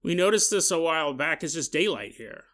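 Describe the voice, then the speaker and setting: A man's voice: on the high side, lively intonation, brisk, fairly bright tone. A man voicing a laid-back local guide who talks casually and uses slang.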